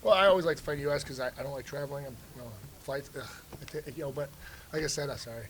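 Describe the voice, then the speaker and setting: A man from Cleveland, a fighter answering press questions in casual talk, quick and full of "you know" and restarts. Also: mid-range voice, slight background noise, low-quality recording. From United States, Cleveland. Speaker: fighter being interviewed. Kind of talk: casual media scrum answers. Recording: crowd chatter behind.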